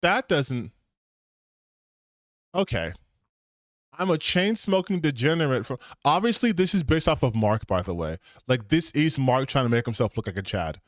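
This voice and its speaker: A man's voice: medium pitch, big pitch swings, moderate pace, no room sound, studio quality. A man streaming casual reaction commentary, sarcastic and incredulous, repeating his points for emphasis.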